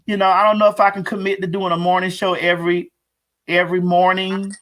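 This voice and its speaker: A man hosting a casual live-stream show, talking in a loud, sassy, playful way. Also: high-pitched, level tone, brisk. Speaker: host.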